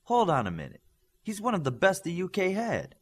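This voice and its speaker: A man's voice: sits high, wildly swooping pitch, brisk, pitched above the performer's own voice, heavily acted. A man voicing a proud, stern female teacher with a Scottish accent, dry and pointed in how she speaks. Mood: stern teacherly.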